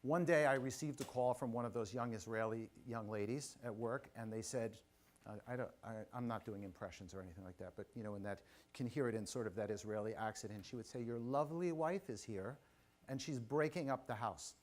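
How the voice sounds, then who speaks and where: A man's voice: lowish voice, brisk. Man telling a keynote story onstage. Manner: animated, audience-engaging, personal anecdotes with asides. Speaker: keynote speaker. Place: conference stage before a live audience.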